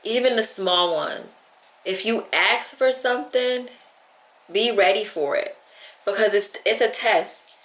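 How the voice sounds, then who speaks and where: A woman vlogger talks to her camera, chatty and heartfelt, near tears as she speaks. Her mid-range voice is fairly bright and slow, full of "like" and quotes of herself, and the room is echoey.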